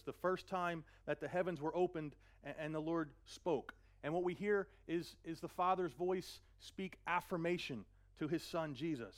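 A man preaching a sermon, earnest, often repeating a word as he gathers his thoughts. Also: fairly high pitch. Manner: earnest, repeats words while searching, slows for scripture. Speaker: pastor.

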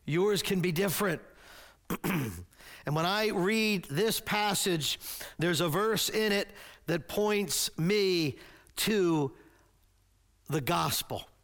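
A man preaching a sermon as pastor, earnest and emphatic, with halting restarts. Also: high-pitched, fairly bright tone.

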